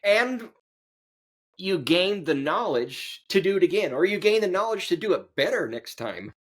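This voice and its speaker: A man's voice: high voice, sing-song, moderate pace, fairly bright tone. Joking man telling folksy stories. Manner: joking storyteller, acts out voices in anecdotes; chuckles while telling stories. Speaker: podcast guest. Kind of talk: casual chat.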